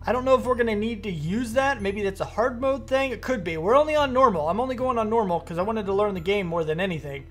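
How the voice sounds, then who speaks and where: A streamer gives let's-play commentary on a strategy game at a middling pitch. They get excitable, rattling off the same command again and again. Faint music plays underneath. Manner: excitable, repeats commands rapidly. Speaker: gaming streamer.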